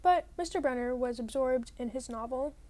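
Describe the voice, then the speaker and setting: Reading a novel aloud in the first person, a female audiobook narrator speaks at normal speed in a high, darkish voice. She keeps the narration plain and occasionally rereads a line.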